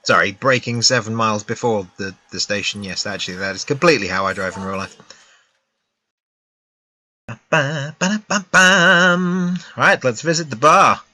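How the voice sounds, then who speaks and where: A man's voice: lowish voice, fast, few pauses, bright, forceful tone. A British man giving casual live-stream commentary on a game at home, chatty and full of self-mocking asides. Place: at home with a laptop.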